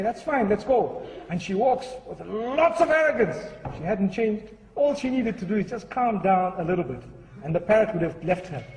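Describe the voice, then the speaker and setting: High-voiced man preaching in an echoey hall. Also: a little mellow. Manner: earnest, storytelling. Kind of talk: sermon with a humorous story. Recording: echoey hall, far from the mic.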